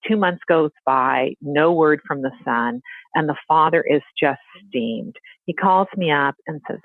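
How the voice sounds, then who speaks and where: A woman therapist telling a story in a casual, animated way, acting out the people she quotes. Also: deep voice, measured pace, no room sound. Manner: animated, acts out quoted voices. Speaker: therapist and guest. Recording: tinny phone-like line.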